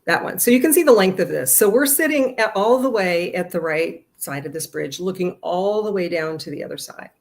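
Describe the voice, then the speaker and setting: A woman's voice: fairly low pitch, a little fast, few pauses. Chatty woman telling a story. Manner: animated, chatty, with lots of fillers. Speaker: storyteller vlogger. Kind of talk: casual storytime monologue. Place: outdoors in a garden.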